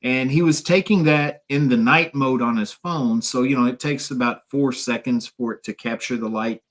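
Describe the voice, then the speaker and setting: A man's voice: medium pitch, normal speed. A man with a Midwestern American accent chatting casually as a guest on a paranormal radio show, rambling with lots of fillers and restarts.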